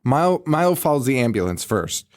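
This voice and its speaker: A man's voice: medium pitch, a little fast, dry recording, clean studio sound. A man co-hosting a podcast, recapping a horror movie in casual chat, swearing freely and acting out the characters' lines. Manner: profane, animated, acts out quoted characters. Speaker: podcast co-host.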